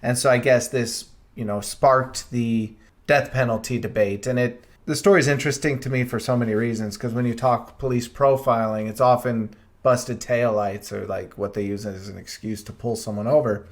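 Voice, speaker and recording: A young man co-hosting a podcast, chatting casually and reflecting earnestly, often pausing with "uh" and "um". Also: mid-range voice, steady tone. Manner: earnest, reflective, thinks aloud with "uh" and "um". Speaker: podcast co-host. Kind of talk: casual chat.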